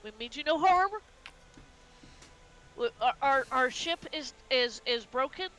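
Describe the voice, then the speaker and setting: A woman's voice: high-pitched, lively intonation, a little slow, a bit bright, rough recording. A woman voicing a cloaked adventurer who earnestly pleads, repeating herself. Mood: pleading.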